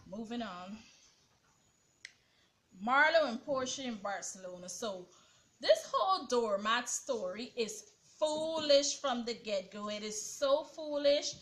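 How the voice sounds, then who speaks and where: Woman reviewer, high voice, sassy and dismissive, casual vlog commentary. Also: lively intonation, unhurried, fairly bright tone. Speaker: reality TV reviewer.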